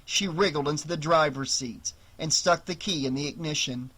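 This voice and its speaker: Male horror audiobook narrator, bright tone, slightly high, measured dramatic delivery. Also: breathy edge. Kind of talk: scripted narration.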